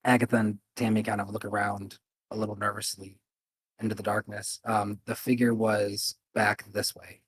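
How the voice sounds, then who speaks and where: A man narrating a tabletop game as game master, calm and a little hesitant. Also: fairly low pitch, moderate pace, breathy edge, dry recording.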